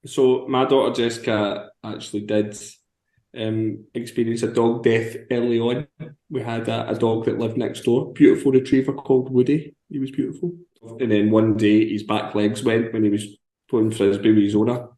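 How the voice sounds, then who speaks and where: A frank man tells stories in casual podcast chat, laughing often. His mid-pitched voice rings in an echoey room. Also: level tone, normal speed, mellow. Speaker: podcast co-host, journalist. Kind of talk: casual storytelling.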